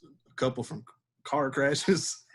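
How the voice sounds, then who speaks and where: A man's voice: mid-range voice, slow pace, breathy edge. Laid-back man telling a story. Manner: laid-back, laughs while telling stories. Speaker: podcast guest, former catcher. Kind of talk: casual storytelling.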